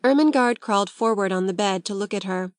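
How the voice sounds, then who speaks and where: A woman narrates a classic novel in a measured, gentle way, with a voice of ordinary middle pitch. The recording is close and dry, with no room sound. Her storytelling stays even and unhurried. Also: dry recording. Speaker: audiobook narrator.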